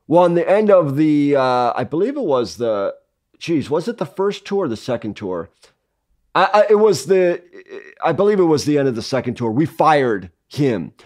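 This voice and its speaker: A man's voice: a little high, sing-song, normal speed, a little mellow. A man co-hosting a podcast, telling a long rambling anecdote in casual chat and acting out the dialogue he quotes. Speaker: podcast co-host.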